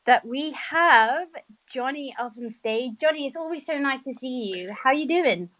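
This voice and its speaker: A woman hosting a group audio chat, playful and quick to laugh. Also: high voice, expressive, a bit bright. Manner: giggly, playful, quick reactions. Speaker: host of the community chat. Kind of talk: casual chat.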